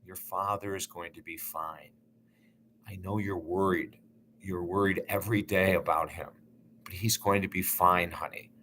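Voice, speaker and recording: Man doing a tender motherly voice, hushed and low, bright tone. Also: steady tone, normal speed, pauses often, a little hiss or hum. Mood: gentle, reassuring. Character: gentle late mother, soft and loving.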